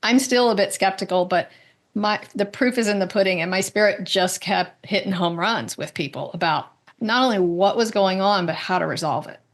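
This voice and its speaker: Woman guest telling lively stories. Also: medium pitch, moderate pace. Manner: animated storyteller, acts out quoted voices; frequent "right?" tag questions. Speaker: guest, medical intuitive. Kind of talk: conversational interview.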